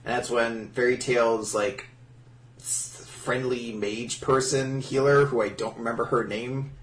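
A man's voice: mid-range voice, a little slow, far from the mic, a little hiss or hum. A man co-hosting a casual podcast, recapping manga chapters with frequent laughter and swearing. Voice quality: laughs often, acts out lines in mock voices. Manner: swears, rambling, animated. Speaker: podcast co-host. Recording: roomy, off-mic sound.

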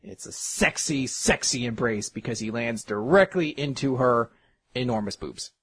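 A man's voice: mid-range voice, animated, normal speed, fairly bright tone, slightly rough. A man co-hosting a podcast, animatedly recapping an anime episode in casual chat and slipping into quoted voices. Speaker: podcast co-host.

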